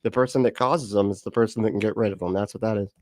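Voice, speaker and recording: A man's voice: on the low side, fairly even intonation, very fast, darkish tone, no echo, clean studio sound. A man commentating on a livestream, mocking and profane, laughing often through his sarcastic remarks.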